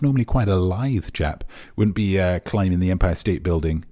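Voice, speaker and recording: Deep-voiced pompous man hosting a quiz. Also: moderate pace, few pauses, a little mellow. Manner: pompous, rambling, mock-serious. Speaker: quiz host. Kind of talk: comic live-stream quiz hosting.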